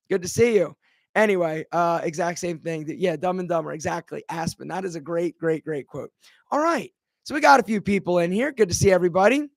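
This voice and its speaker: Chatty high-voiced man hosting live. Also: dry recording. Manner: chatty, rambling, greets viewers by name. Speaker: live stream host, brand founder. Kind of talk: casual live Q&A chat.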